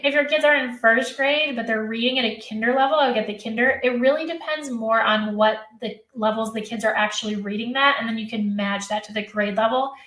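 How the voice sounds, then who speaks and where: A woman's voice: a little high, brisk, hardly any pauses, fairly bright tone, roomy sound. A woman hosting a live teacher workshop, answering chat questions by name in a chatty, self-correcting way, and she is losing her voice.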